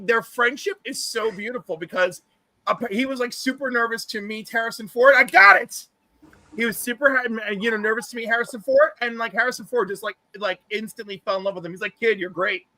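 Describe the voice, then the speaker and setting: A man hosting a casual panel chat on a video call, telling stories in an animated, gushing way. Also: very high voice, brisk, dry recording. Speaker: host.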